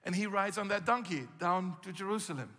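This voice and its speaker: A man preaching a sermon as pastor, telling the story vividly and acting out scenes with gasps and shouts. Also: high voice, fairly quick. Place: church hall. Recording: long reverb from a church hall.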